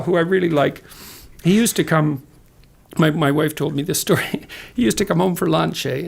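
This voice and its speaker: A man's voice: a little high, gravelly. A man speaking as a podcast guest, earnest and lecturing, with sardonic asides. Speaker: guest author. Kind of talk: conversational podcast talk.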